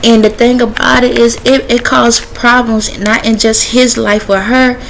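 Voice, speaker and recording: This spiritual messenger vlogger has a highish, gravelly voice with a flat delivery and measured pace, heard in a low-quality recording with slight background noise. She chats casually, filling in with "um"s and laughter, passing on what she claims are spirits' messages and stopping to put yes-or-no questions to them.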